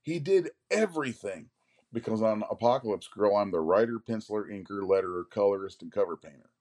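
A man in his forties, a comic artist, telling rambling anecdotes in a casual interview, often clearing his throat. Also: on the low side, steady tone, fast, darkish tone. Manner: rambling anecdotes, acts out others' lines.

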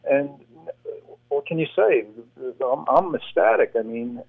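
A man's voice: medium pitch, lively intonation, measured pace, gravelly, breathy edge, no room sound. A man calling in to a sports radio show, rambling with lots of fillers. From New York. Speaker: radio caller. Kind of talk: phone-in chat. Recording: tinny phone line.

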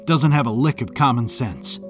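A man's voice: mid-range voice, animated, moderate pace, soft background music, lightly acted. A man reading an audiobook and voicing an agitated young man who stammers and pushes his point. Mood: ranting. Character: young man, rattled and hot-tempered brother. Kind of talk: audiobook character voice.

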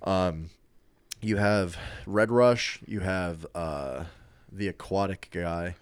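Podcast co-host, man, deep low voice, dry close sound, loose rambling delivery. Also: takes it slowly, clean tone, no room sound. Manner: rambling, many restarts and fillers. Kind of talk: casual chat.

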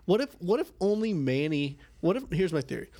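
A man's voice: high voice, sing-song, fairly quick, dark tone, no room sound. A man co-hosting a casual comedic chat, riffing animatedly with laughs.

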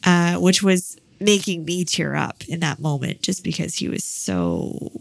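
A woman in her thirties with a lowish voice and a gravelly edge, talking casually. She tells a long personal story about her child, with plenty of fillers along the way. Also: moderate pace. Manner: chatty storytelling, many fillers. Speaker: parent. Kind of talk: casual chat.

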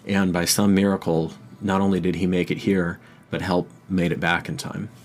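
A man narrating a tabletop game as game master in a dramatic, unhurried way, with frequent restarts. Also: low voice, flat delivery.

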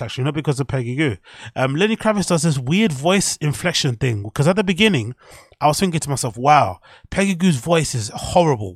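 A man's voice: fairly high pitch, no echo, studio quality. A young man hosting a casual podcast, rambling with strong opinions, swearing and laughing at his own jokes. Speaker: podcast host.

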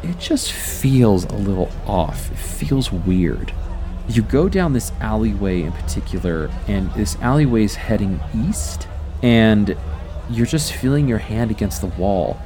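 A man running a tabletop game as game master, narrating scenes in a drawn-out, descriptive way with chuckles. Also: lowish voice, animated, over music.

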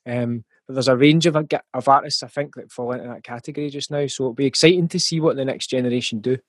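A man's voice: mid-range voice, fairly even intonation, quick pace, dry recording. Scottish man, thoughtful and dry-voiced. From Scotland. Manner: thoughtful, with frequent ums and restarts. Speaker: musician guest. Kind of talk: casual interview talk.

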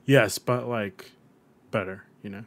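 A man co-hosting a podcast, reading a quiz aloud in a playful, rambling, animated way. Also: on the low side, a little slow. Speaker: podcast co-host.

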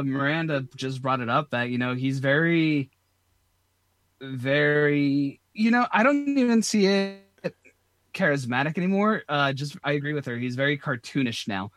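A man co-hosting a podcast in casual chat, relaxed and agreeable. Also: a little high, a little slow, no echo. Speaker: podcast co-host.

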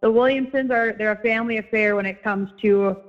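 A young woman with a Minnesota accent talks as an interview guest in a friendly, halting way, often pausing on ums. The audio is a bit dull and lo-fi. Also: a little high, steady tone, faint music behind. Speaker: guest, former college hockey player and coach. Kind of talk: casual interview chat.

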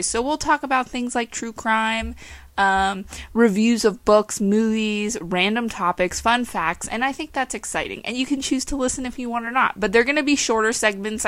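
A woman's voice: on the high side, moderate pace, fairly bright tone, no room sound. A young woman from western Pennsylvania with a faint Pittsburgh accent, hosting her own podcast in a casual, rambling, chatty way with frequent laughs. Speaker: podcast host.

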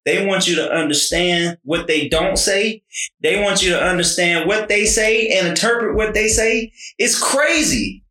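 A man chatting casually in a measured, explanatory way. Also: sits high, bright, forceful tone, echoey room, low-quality recording. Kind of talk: casual chat.

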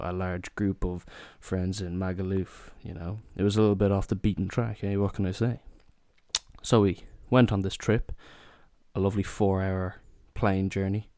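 Irish guy in his 20s, lowish voice, rambling funny story, dry close mic. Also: mellow, no echo. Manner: rambling, full of "you know" and asides. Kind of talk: casual comic storytelling.

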